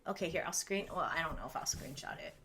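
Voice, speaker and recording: This young livestreamer from Southern California has a deep, expressive voice that's a bit bright and slightly rough, and she talks quickly. Chatting casually, she responds to her chat, laughs a lot and says "like" often.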